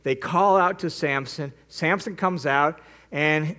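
A man teaching as a Bible teacher, retelling a story in a lively, conversational way with frequent asides. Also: high voice, a little slow. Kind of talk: casual storytelling lesson.

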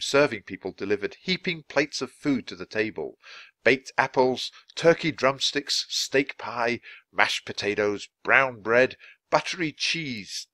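A man reading a children's storybook aloud for English learners, narrating clearly and expressively. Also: on the low side, bright, forceful tone, dry recording. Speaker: storybook reader.

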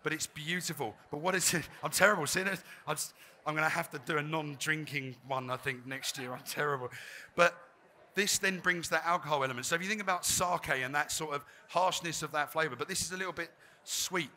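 A man's voice: fairly high pitch, fairly quick, few pauses, bright, forceful tone, a little hiss or hum. A man, a chef giving a live cooking demonstration, chatty and self-deprecating. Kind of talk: live cooking demo talk. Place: trade fair demo stage.

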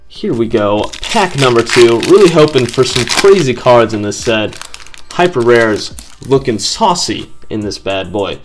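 A man hosting a casual video, chatting excitedly to viewers as he opens packs of cards. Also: mid-range voice, measured pace, a little hiss or hum. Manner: excited, upbeat, addresses viewers. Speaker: card-opening video host.

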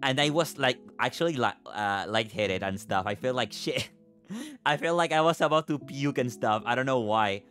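A man's voice: mid-range voice, animated, normal speed, a bit bright, soft background music. A young man streaming, chatting casually with viewers, thanking them, giggling and swearing now and then.

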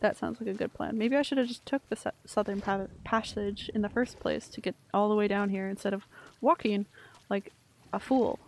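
Gravelly, chatty young woman streamer. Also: medium pitch, fairly even intonation, normal speed, slight background noise. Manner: chatty, rambling, swears casually, self-mocking. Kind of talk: casual gameplay commentary.

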